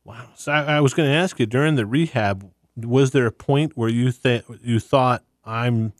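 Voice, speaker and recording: A man hosting an interview, responsive and prompting, asking quick follow-up questions. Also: medium pitch, no echo, studio quality. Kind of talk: conversational interview.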